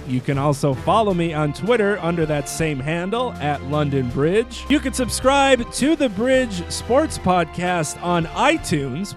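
A man hosting a sports podcast, reading a scripted segment in a wry, playful way. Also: high-pitched. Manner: wry, playful delivery with jokey put-on voices. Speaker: podcast host.

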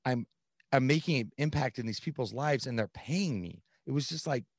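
A man in his thirties, a podcast guest, telling his own story in an earnest, animated way with plenty of "like" fillers. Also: medium pitch, moderate pace, slightly rough, dry recording, studio quality. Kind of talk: candid storytelling.

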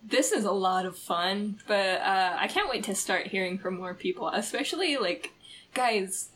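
This is a woman co-hosting a podcast, chatting casually and excitedly with plenty of fillers. A faint hiss of noise sits under her voice. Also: medium pitch, moderate pace. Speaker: podcast co-host.

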